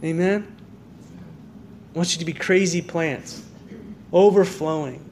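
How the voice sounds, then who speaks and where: A man's voice: fairly high pitch, unhurried, darkish tone, slight background noise. A man preaching a sermon as pastor, with an American accent, earnest and full of rhetorical questions and restarts. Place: church sanctuary.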